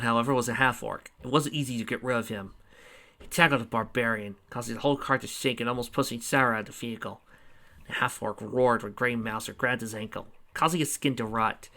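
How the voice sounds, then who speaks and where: A man reading a comedic fantasy adventure story aloud, changing his pitch and volume for the characters' lines. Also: bright, forceful tone. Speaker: reader of a fan-fiction story.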